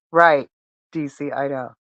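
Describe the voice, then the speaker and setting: A woman's voice: deep voice, no echo, lo-fi sound. A middle-aged woman hosting a casual live-stream chat, laughing often and exclaiming in disbelief as she reads and reacts.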